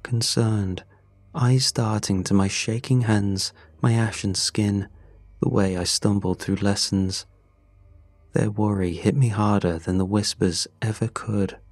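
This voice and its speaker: A man narrating a scripted horror story in a slow, measured, grim way. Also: on the low side, fairly even intonation, darkish tone, dry recording. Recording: dry close voice over faint music. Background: faint music.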